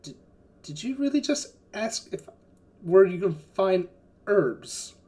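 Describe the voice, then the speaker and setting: A man's voice: high-pitched, very animated, takes it slowly, warm tone, heavily acted. A man voicing a bored, condescending woman herb seller in her twenties during a tabletop game. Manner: dry, sarcastic put-downs. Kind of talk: tabletop role-play in character.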